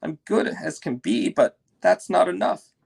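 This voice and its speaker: A storybook teacup that insists and presses, its voice lifted higher than the narrator's own, as a man puts it on. The tone stays gravelly and a little husky underneath, with an urgent push on each line. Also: big pitch swings, unhurried, darkish tone, heavily acted. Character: a talking teacup, insistent and earnest. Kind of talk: storybook reading.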